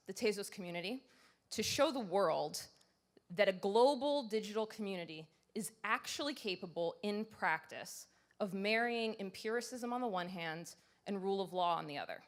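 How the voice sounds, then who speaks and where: Lady giving a conference talk on stage, chatty, pokes fun at herself, says um a lot. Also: medium pitch. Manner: conversational and self-deprecating, many fillers. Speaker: conference speaker.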